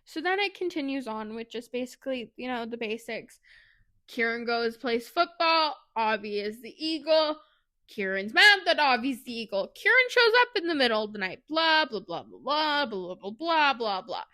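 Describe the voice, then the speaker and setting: A woman co-hosting a podcast, retelling a book plot in casual, animated chat with laughs and asides. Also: on the high side, normal speed. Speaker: podcast co-host.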